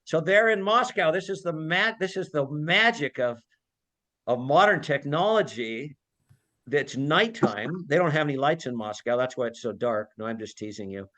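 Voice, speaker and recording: A man's voice: on the high side, lively intonation, moderate pace, sharp tone. A man giving an informal talk over a video call, rambling and teasing in a jokey way. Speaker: lecturer.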